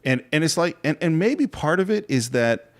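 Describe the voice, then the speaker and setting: Male podcast co-host, earnest storyteller, lively pitch. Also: moderate pace. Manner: earnest, retells film scenes in detail. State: moved, emotional. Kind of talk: casual film discussion.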